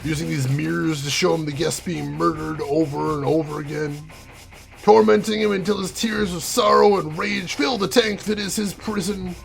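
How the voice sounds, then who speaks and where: A man's voice: a little high, steady tone, moderate pace, gravelly. A man voicing a haughty, condescending male villain who rules a cursed mansion, speaking in a pompous, theatrical way. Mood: smug.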